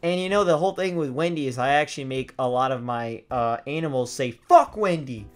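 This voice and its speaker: A young man hosting a gaming vlog, telling a story in a loose, swearing way and acting out his old reactions with sudden loud, high bursts. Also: fast talker, smooth, soft background music. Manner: animated, swears freely, acts out his past reactions in loud high outbursts. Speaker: gaming video host.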